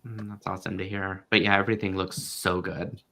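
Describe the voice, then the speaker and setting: Low gravelly voiced man, easygoing chat. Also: a little fast. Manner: relaxed, laughs often, trailing fillers. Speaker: co-host. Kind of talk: casual chat.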